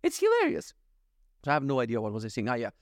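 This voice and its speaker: A man's voice: mid-range voice, steady tone, racing, no room sound, clean studio sound. A man hosting a casual solo podcast, rambling and joking, swearing freely and acting out little scenes. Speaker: podcast host.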